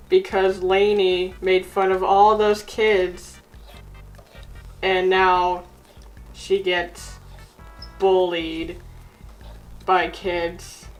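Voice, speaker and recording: A woman's voice: mid-range voice, low-quality recording. A young woman casually telling an improvised silly story, giggling and using lots of fillers. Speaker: co-host storyteller.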